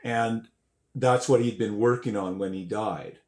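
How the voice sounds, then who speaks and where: An older man, a guest musician, telling stories in a casual way, animated and swearing, acting out quotes and sounds. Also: on the low side, measured pace. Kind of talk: casual storytelling. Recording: roomy echo.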